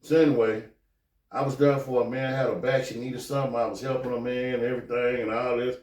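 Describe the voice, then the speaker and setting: A man hosting a podcast, telling a story casually, with animated, profane delivery, acting out the quoted lines. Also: mid-range voice, fast talker. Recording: echoey room, mic at a distance.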